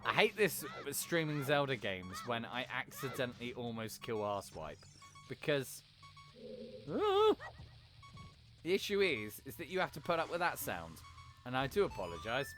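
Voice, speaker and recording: A man chatting casually while he plays on a live stream, swearing freely and cracking quick jokes. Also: mid-range voice, wildly swooping pitch, a bit bright, soft background music.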